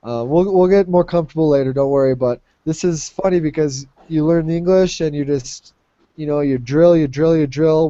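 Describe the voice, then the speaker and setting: A man's voice: on the high side, normal speed, mellow, no room sound, highs cut off. A man teaching an English class, patiently explaining and modeling phrases aloud.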